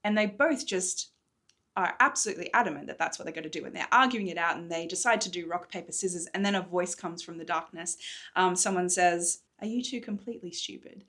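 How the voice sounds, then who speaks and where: A woman chats through a readalong recap of her own book, enthusiastic and chatty. Her voice sits fairly low for a woman. It is recorded in a hotel room. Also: a little fast, fairly bright tone. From Australia.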